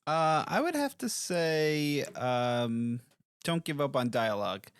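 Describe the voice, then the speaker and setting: A man's voice: fairly high pitch, lively intonation, takes it slowly, clear, resonant tone, no room sound. A man co-hosting a parenting podcast, talking in a rambling, earnest way and laughing easily. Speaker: podcast co-host. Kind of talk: casual podcast chat.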